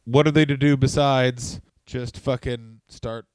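A man co-hosting a comedy podcast, talking in a wry, deadpan, profane way in casual chat. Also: mid-range voice, a little slow, dry recording, low-quality recording. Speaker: podcast co-host.

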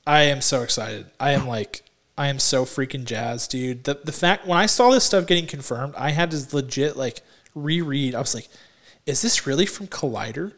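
Excitable fanboy podcast host, man. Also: mid-range voice, moderate pace. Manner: excitable, gushing fanboy energy, many "like"s. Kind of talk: casual movie podcast chat.

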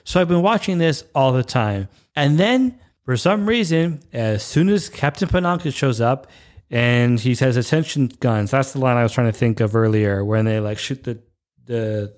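Animated rambling Canadian man in his thirties. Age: 30s. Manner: animated, rambling, self-interrupting, swings pitch up when irritated. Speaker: podcast host. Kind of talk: casual monologue rant.

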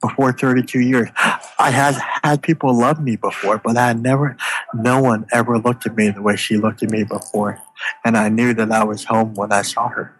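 A man recounts a deeply personal story in an interview, his voice mid-pitched and on the edge of tears. He halts often, repeating words as he searches for what to say. The recording carries a steady background hiss. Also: normal speed, poor audio. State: tearful.

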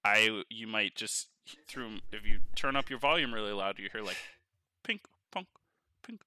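An excitable man chatting on a podcast, rambling and breaking into laughs. His voice is very bright and edgy. The sound is dry and close. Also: lowish voice, normal speed, clean tone, no room sound. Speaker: podcast co-host. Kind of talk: casual chat. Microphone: headphones on, podcast mic.

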